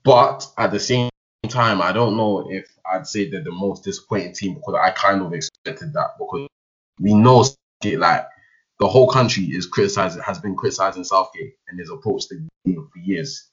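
A man's voice: low-pitched, normal speed, fairly bright tone. A young man, chatting casually about football, analytical but slangy. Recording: dull lo-fi audio.

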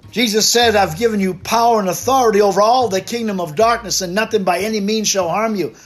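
A man with a rather high voice preaches a fervent devotional sermon as a missionary. He declaims scripture and repeats phrases for emphasis. Faint music plays softly underneath. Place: Japan.

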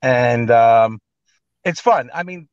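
A man's voice: medium pitch, slow pace, no echo, lo-fi sound. A man with a New York accent, a guest telling stories casually, blunt and full of swearing. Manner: blunt, profane, animated storyteller. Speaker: guest, actor and private chef. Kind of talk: casual storytelling.

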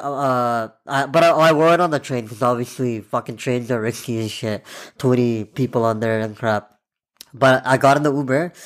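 A man, hosting a podcast alone and telling stories in a loose, rambling way, swearing often and filling gaps with "like.". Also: medium pitch. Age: 20s. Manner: loose, profane and rambling, full of fillers. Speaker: podcast host. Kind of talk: casual storytelling monologue.

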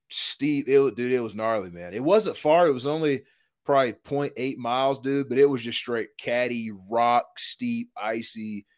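In a medium-pitched voice, a retired football lineman shares a hunting tale. His manner is relaxed and animated, and his speech is slangy, peppered with "dude" and "man."

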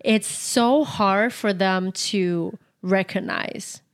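A woman's voice: mid-range voice, extremely slow. A young woman co-hosting a podcast in casual chat, blunt and giggly, swearing freely. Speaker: podcast co-host.

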